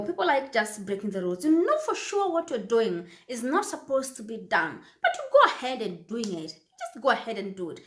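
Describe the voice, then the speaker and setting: A woman talks casually to her viewers, often repeating phrases for emphasis. Her voice sits fairly high and swings widely in pitch. The room around her is echoey. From Kenya. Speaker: vlogger. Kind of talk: casual talk to camera.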